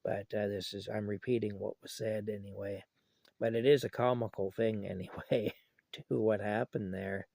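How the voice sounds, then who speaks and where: A man's voice: lowish voice, steady tone, moderate pace, vocal fry, a little mellow, dry recording. An older man telling family stories in a rambling, folksy, chuckling way while feeling unwell. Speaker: vlogger. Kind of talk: casual storytelling.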